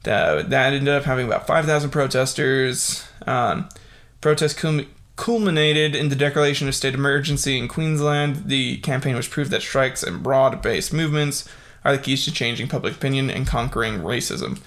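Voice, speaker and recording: A young man hosting a casual solo podcast, reading facts haltingly with lots of fillers and breaking into excited exclamations. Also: medium pitch. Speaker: podcast host.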